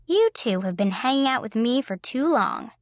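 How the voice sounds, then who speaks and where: A woman's voice: on the high side, animated, normal speed, no echo, natural voice. A woman reading as a wry young college graduate. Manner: dry humor, polite.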